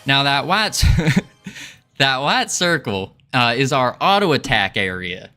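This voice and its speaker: A man's voice: mid-range voice, very animated, slow pace, pushed and bright, smooth, heavily acted. A man hamming up a cheery Southern cowboy. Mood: folksy. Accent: put-on Southern US. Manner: folksy, hammy, laughing at himself. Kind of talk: livestream game dev chat in character.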